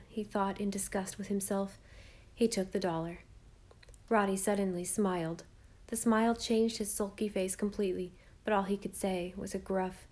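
An audiobook narrator with a medium-pitched voice reads a classic children's novel aloud. She tells the story in a measured, expressive way.

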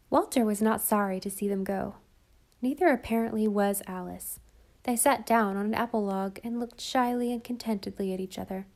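Female audiobook narrator, mid-pitched, reads a children's story with light character shifts. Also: moderate pace, darkish tone.

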